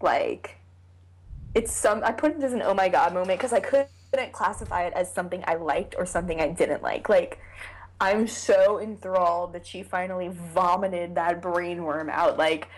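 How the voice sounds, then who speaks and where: A young woman co-hosting a casual podcast, talking in an animated, jokey way about a cartoon episode. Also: lowish voice, moderate pace. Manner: animated, jokey, slips into silly voices. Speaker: podcast co-host.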